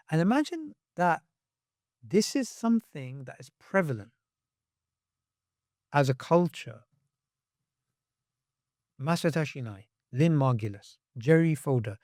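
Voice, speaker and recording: A man talking as a podcast guest, his voice sitting a little high. He argues with animation and leaps up in pitch when he acts out what others say. The sound is close and dry. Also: sing-song, takes it slowly, pauses often, darkish tone, no room sound. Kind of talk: podcast conversation.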